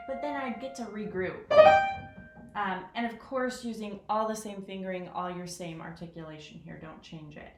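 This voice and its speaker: A woman talking casually through how she practices a piano piece, chatty and self-deprecating, counting rhythms out loud. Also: medium pitch, normal speed. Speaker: piano teacher. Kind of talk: casual piano lesson vlog. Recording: echoey room with piano. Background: piano playing.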